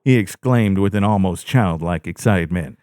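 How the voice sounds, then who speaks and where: Casting: male horror narrator, low voice swooping widely, dry close mic. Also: unhurried, no room sound. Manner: dramatic, expressive. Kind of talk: scripted first-person horror narration.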